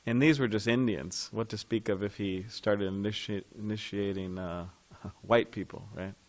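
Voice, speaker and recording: A man with a slightly low, steady voice teaches a devotional scripture class in a temple. He talks in a relaxed, conversational way and pauses to ask his listeners questions.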